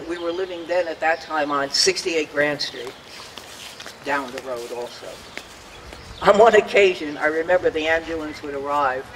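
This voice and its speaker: An older man with a high-leaning, pushed and bright voice gives a prepared, earnest speech at an outdoor memorial dedication ceremony, reminiscing and acting out the voices he quotes. The audio is poor, with slight background noise and a big-room sound.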